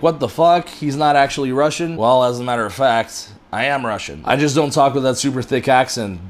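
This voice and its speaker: Casual young man answering fan questions. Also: medium pitch. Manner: relaxed, talkative, casually profane. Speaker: prank channel host. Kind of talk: casual Q&A vlog.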